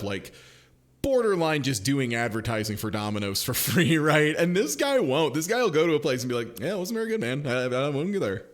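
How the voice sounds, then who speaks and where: Chatty, laughing man streamer. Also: medium pitch. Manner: chatty, swears freely, laughs often. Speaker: streamer reacting to a video. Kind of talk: casual reaction commentary.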